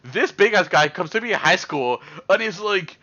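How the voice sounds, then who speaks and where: A man's voice: high-pitched, moderate pace. Rambling man telling a story, lo-fi mic. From Canada. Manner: rambling, animated, heavy fillers. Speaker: streamer. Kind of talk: casual storytelling. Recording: dull lo-fi stream mic.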